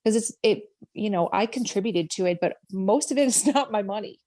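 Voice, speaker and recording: A woman's voice: mid-range voice, fairly quick, mellow. A woman with a Minnesota accent, chatting earnestly as an interview guest and laughing easily over a video call. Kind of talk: casual interview chat.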